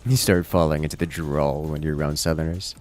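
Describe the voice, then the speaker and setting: A man's voice: rumbling low, fairly even intonation, a little fast, faint music behind. A man hosting a casual gaming livestream, musing aloud as he plays and answers chat. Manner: musing aloud while playing, reading chat. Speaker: livestream host.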